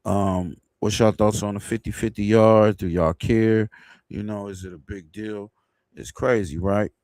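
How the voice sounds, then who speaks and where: A man's voice: lowish voice, steady tone, a little slow, a little mellow, dry recording, studio quality. A man hosting a livestream, commenting casually in a loose, rambling way and laughing at his own jokes. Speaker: livestream host.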